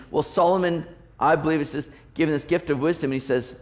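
A man's voice: a little high, fairly even intonation, fast talker. A man preaching a sermon as a pastor. He talks in a conversational way, asks the congregation rhetorical questions and often restarts his sentences.

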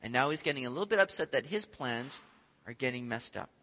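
A man preaching a sermon, animated, acting out scenes and swinging from loud to soft. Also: mid-range voice, quick pace. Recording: echoey hall.

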